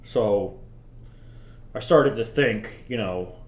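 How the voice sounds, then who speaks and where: An actor playing a bitter, self-pitying middle-aged father who rambles crudely to his son in a deadpan comedy monologue. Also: lowish voice, takes it slowly. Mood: rambling. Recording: roomy echo.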